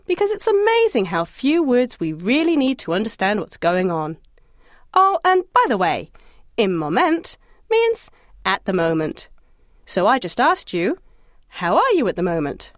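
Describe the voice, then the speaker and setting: A woman narrating a scripted audio language lesson, encouraging and lightly humorous, asking the listener to answer out loud. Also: medium pitch, no room sound, studio quality. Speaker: language course instructor.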